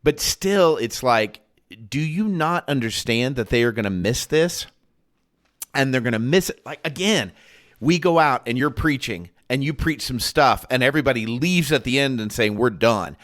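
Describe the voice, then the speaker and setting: A man's voice: mid-range voice, lively intonation, moderate pace, a bit bright. A man co-hosting a casual Bible discussion, thinking aloud with many restarts and acting out quoted lines. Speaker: podcast co-host.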